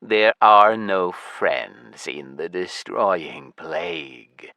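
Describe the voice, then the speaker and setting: A man voicing a cold, emotionless male lich who speaks slowly and states everything as plain fact. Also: lowish voice, gravelly, dry recording, studio quality, heavily acted. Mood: cold flat. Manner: slow, flat, stating facts.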